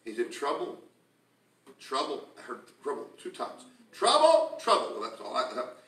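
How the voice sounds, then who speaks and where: A man preaching a sermon to a congregation, telling stories with laughter and rising to shouts. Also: medium pitch, normal speed, creaky, slight background noise. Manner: storytelling, laughing, building to shouts. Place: church sanctuary with congregation. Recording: echoey church from a distance.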